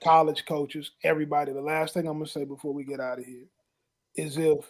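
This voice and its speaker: Brief: fairly high-voiced man host, folksy, laughs easily, blunt advice. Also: little pitch movement, fast. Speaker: host and coach. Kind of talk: casual show banter.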